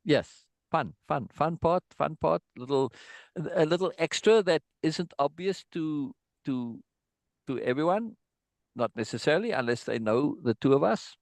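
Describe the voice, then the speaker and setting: A man's voice: fairly high pitch, lively intonation, unhurried, creaky, no room sound. A man giving an informal online songwriting lesson, thinking aloud and checking in with his students with a frequent "right?". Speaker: songwriting teacher.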